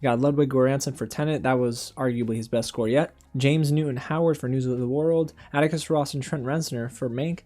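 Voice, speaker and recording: A young man hosting a casual film reaction show, animated and exasperated, talking straight to his viewers. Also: medium pitch, brisk, hardly any pauses. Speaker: film critic and channel host.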